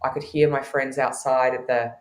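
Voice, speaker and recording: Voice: medium pitch, little pitch movement, moderate pace, echoey room. A podcast guest who teaches intuition, telling candid stories with frequent laughter in a conversational way.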